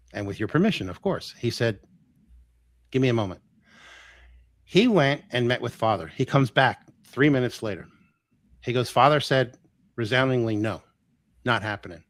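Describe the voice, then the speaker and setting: Male guest storyteller, animated, plays the quoted lines, dry close sound. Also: medium pitch, no echo. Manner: animated, acts out quoted dialogue. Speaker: guest healer. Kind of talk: casual storytelling.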